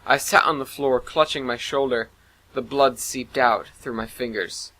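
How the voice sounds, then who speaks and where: Male narrator, bright voice, earnest dramatic audiobook reading. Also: mid-range voice, fairly even intonation, measured pace, poor audio. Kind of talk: first-person audiobook narration.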